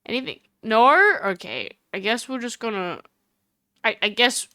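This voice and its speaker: A woman's voice: on the high side, big pitch swings, a little slow, pushed and bright, dry recording, studio quality. A woman streamer chatting casually and rambling with self-mocking asides while playing a game.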